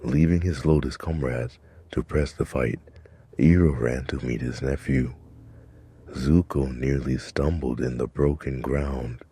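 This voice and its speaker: A man narrating a dramatic story in a measured, scripted delivery. His voice is extremely deep, dark in tone and husky. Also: no room sound.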